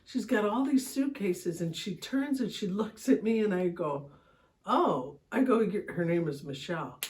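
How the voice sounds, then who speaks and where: Animated middle-aged woman telling stories. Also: moderate pace. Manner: animated, laughs often, voice jumps high when excited. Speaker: podcast host. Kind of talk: casual storytelling chat.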